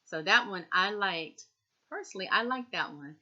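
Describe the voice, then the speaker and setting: A woman's voice: mid-range voice, animated, moderate pace, pushed and bright, dull audio. A woman chatting casually as a TV recap vlogger, repeating herself and talking straight to her viewers.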